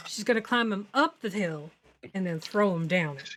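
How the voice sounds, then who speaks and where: A woman's voice: medium pitch, animated, measured pace, a bit bright, a little hiss or hum. A woman playing a tabletop game, chatting and teasing casually with the group. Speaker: player.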